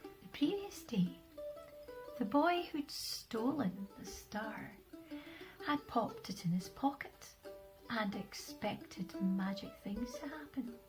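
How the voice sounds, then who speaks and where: A woman with a Scottish accent reads her children's story aloud, expressively and with dramatic pauses. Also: fairly high pitch, rough recording. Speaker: author reading her own stories.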